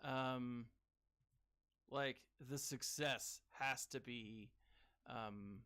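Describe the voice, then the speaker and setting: A man giving casual gaming commentary as a streamer, chatting with viewers and breaking into sudden excited whoops. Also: medium pitch, very slow, clear, resonant tone. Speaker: game streamer reading live chat.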